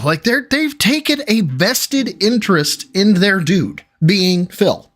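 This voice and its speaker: A man's voice: sits high, sing-song, a little slow, few pauses. A man doing casual livestream commentary, sarcastic and profane, mocking the clip he reacts to. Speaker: streamer reacting to clips.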